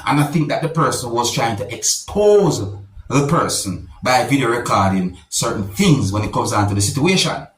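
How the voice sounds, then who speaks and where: A man's voice: mid-range voice, big pitch swings, moderate pace. A man giving formal news-style commentary on a vlog, repeatedly addressing his viewers and subscribers. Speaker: vlogger. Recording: roomy, distant mic.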